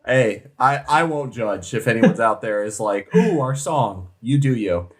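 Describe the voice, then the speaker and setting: A man co-hosting a casual podcast, bantering and joking in an animated way. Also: on the low side, measured pace. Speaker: podcast co-host. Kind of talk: casual chat.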